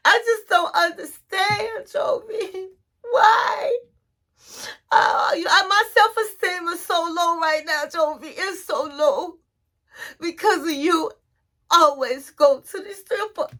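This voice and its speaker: A woman mimicking a young mother who sobs and pleads with her partner in a high, whiny voice. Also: sing-song, slow, a bit bright, full character voice. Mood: tearful pleading. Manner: sobbing, whiny, high-pitched.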